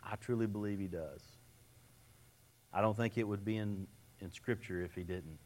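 A lower-pitched man preaches to a congregation. He tells folksy stories from his own life in an earnest way and often restarts his sentences. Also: moderate pace, a little mellow. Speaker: lay preacher. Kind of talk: sermon with personal stories.

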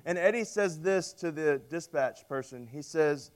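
A man preaching a sermon, telling stories and acting out quoted voices with lively emphasis. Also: on the high side, normal speed, hardly any pauses. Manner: storytelling with dramatic voiced quotes; animated, rising loud on emphasis. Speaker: pastor.

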